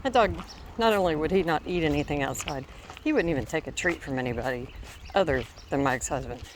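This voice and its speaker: A middle-aged woman talks as she walks her dog along a country path, wandering from one thought to the next and breaking off to speak to the dog. Her voice sits a little low. The outdoor ambience comes through clearly behind her. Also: animated, fast talker. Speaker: vlogger. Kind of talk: casual walking vlog. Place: outdoors on a rural walk. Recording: clear outdoor background noise.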